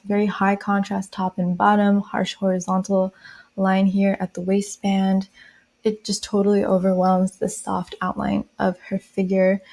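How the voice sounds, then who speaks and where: Slow, soft-spoken woman teaching style. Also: mid-range voice. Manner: slow, soft-spoken, listing qualities one by one. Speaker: style educator. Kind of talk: explanatory lesson narration.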